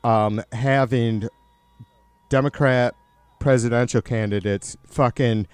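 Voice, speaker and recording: A man's voice: on the low side, darkish tone, clean tone, no room sound. A man live-streaming casual political commentary, swearing a lot and rambling with many restarts as he answers his chat. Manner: profane, rambling with frequent restarts.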